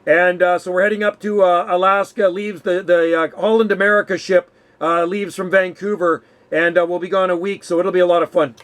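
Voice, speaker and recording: A man's voice: sits high, flat delivery, fairly quick, fairly bright tone. A man chatting in an easygoing, friendly way as the host of an amateur radio contact. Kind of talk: casual radio chat.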